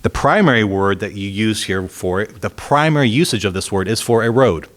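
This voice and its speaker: A man's voice: fairly low pitch, lively intonation, a little fast, a bit bright. A man preaching a sermon in a conversational way, reading scripture aloud with emphasis and putting rhetorical questions to the congregation. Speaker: pastor.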